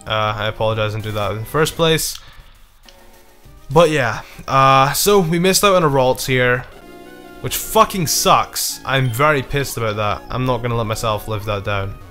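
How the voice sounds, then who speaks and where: A man's voice: mid-range voice, normal speed, pushed and bright, soft background music. A man commenting casually on his own gameplay, rambling, swearing often, and frustrated but apologetic. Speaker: let's play gamer.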